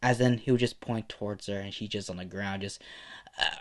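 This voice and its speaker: A man's voice: fairly low pitch, fairly even intonation, fairly quick. Rambling young man improvising a fan story. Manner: loose, rambling, many fillers. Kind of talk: improvised fan-fiction narration.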